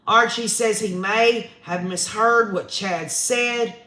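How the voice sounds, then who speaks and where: Man, high bright voice, slow and drawn-out, folksy live-stream host, echoey room. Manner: folksy and chatty, talks straight to viewers. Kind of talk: live-stream commentary reading viewer comments. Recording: roomy echo.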